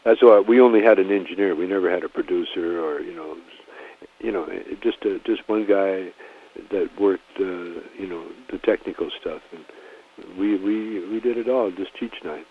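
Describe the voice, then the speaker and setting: A man's voice: deep voice, moderate pace, slightly rough. A man, a comedian guest in a casual phone interview, talking in a rambling, laid-back way full of restarts and "you know". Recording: tinny phone line.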